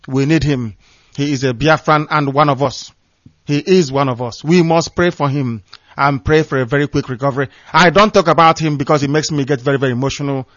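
A radio host with a voice on the high side and a touch of brightness runs a call-in show, speaking with fervor and repeating himself for emphasis. The sound is lo-fi, dull and dry, free of echo.

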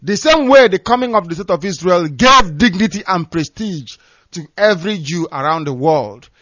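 A man's voice: high-pitched, animated, normal speed, a bit bright, no echo, dull audio. A man from Nigeria, delivering scornful, emphatic political commentary as a radio broadcaster. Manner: fiery, scornful, emphatic, repeats phrases for stress.

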